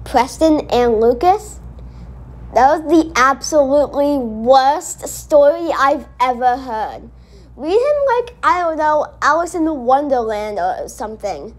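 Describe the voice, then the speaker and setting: A woman hosting a casual reaction video, talking in an excitable, rambling way and often correcting herself. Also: sits high, measured pace.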